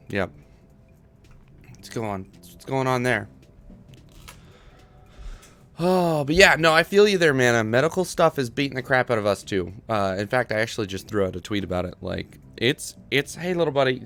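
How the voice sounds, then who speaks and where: A man's voice: medium pitch, fairly bright tone. A man chatting casually with viewers on a livestream from home. He is laid-back, chuckles often and calls people "man". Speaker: streamer. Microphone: desk microphone.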